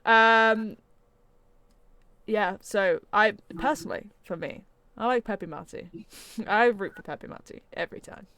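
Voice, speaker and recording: A woman's voice: mid-range voice, a little slow, pushed and bright, no room sound. A woman co-hosting a casual podcast chat and running a quiz, talking chattily and stumbling over names with a laugh at herself.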